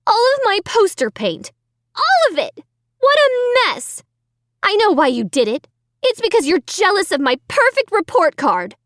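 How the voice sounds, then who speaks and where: A woman's voice: very high voice, huge pitch swings, unhurried, no echo, studio quality, voice pushed up, heavily acted. A woman doing a smug accusing big sister. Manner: reproachful, superior. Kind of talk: audiobook character voice.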